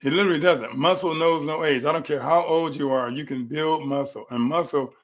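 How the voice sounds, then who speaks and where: A middle-aged man hosting a live health talk from his clinic room, telling animated stories and repeating phrases for emphasis. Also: a little high, brisk.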